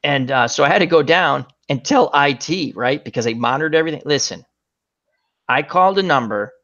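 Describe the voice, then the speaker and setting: Expressive and a bit bright, this middle-aged man's fairly high voice moves a little fast, though the audio loses its highs. Hosting a casual chat show, he jokes through anecdotes and imitates the characters in them.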